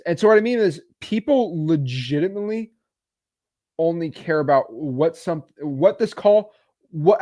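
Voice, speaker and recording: A man explains cold-calling tactics in a relaxed, conversational way. His voice sits a little high and moves around a lot in pitch, full of quick asides and easy laughs. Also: no echo. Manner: animated, chatty, quick asides and frequent laughs. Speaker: real estate cold-calling coach. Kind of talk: casual instructional talk.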